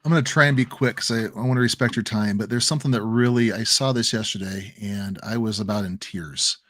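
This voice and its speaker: A man's voice: lowish voice, fairly quick, a bit bright, no echo. A man from the American Midwest, co-hosting a crypto livestream, telling an emotional story with many restarts and repeated words. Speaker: crypto stream co-host. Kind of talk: casual livestream chat.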